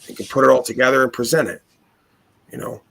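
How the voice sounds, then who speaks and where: A man's voice: mid-range voice, fast, vocal fry, a bit bright, breathy edge. Earnest man asking probing questions. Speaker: podcast host. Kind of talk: casual philosophical chat.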